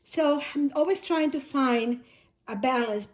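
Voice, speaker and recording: A woman vlogger, hoarse and coughing, chatting casually as she unboxes and packs a gift box, often rambling and correcting herself. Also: sits high, unhurried, muffled recording. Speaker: shoebox-packing vlogger.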